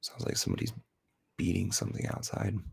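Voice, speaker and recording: A man's voice: low voice, huge pitch swings, fast talker, gravelly, breathy edge. A man hosting a casual live chat, rambling and often interrupting himself. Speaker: podcast host.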